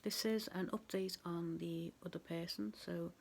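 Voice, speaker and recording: A woman chats her way through a tarot reading, rambling and laughing at herself. Her low voice is gravelly with fry and stays fairly flat in pitch, and a faint hiss sits under the recording. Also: normal speed. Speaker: tarot reader. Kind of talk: casual tarot reading to camera.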